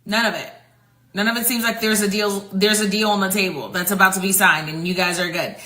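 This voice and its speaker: Sassy bright-voiced woman commentator. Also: mid-range voice, fairly even intonation, a little fast, roomy sound, rough recording. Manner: sassy, rhetorical, slangy. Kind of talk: casual commentary to viewers.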